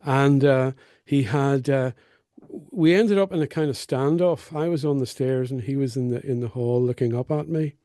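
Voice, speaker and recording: A middle-aged man with a Northern Irish accent, a guest telling stories in a wry, unhurried way. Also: mid-range voice, mellow, no room sound, clean studio sound. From North Belfast. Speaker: guest songwriter and storyteller. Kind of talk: conversational storytelling.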